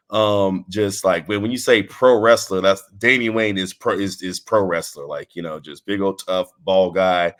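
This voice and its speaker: A man from Texas chats as an interview guest in a low-pitched voice. He talks loosely, restarting sentences and trailing off, relaxed and unhurried. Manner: laid-back, rambling with restarts and laughs. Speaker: wrestling guest. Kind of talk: casual interview chat.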